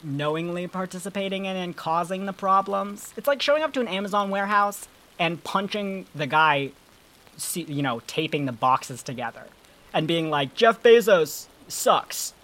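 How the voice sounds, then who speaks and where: A podcast co-host in casual chat, talking in an animated, rambling, playful way with casual swearing. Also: mid-range voice, moderate pace.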